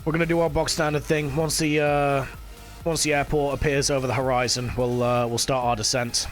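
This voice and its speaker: A man's voice: medium pitch, flat delivery, brisk. A man chatting casually with his live-stream chat while he plays, swearing now and then. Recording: faint music behind.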